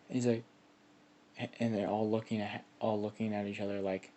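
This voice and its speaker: A man narrating a homemade fan story in a loose, rambling way, leaning on filler words as he goes. His voice sits on the low side. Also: level tone, normal speed, dark tone.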